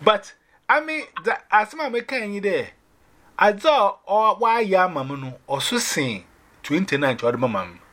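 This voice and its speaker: A man sharing a personal faith testimony, telling it in an animated way and dropping in English phrases. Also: high voice, unhurried.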